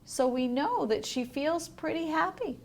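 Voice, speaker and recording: A woman teacher reading a picture book aloud to young children. She is gentle, explains words and asks questions. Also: high voice, lively intonation, a little slow, vocal fry. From United States.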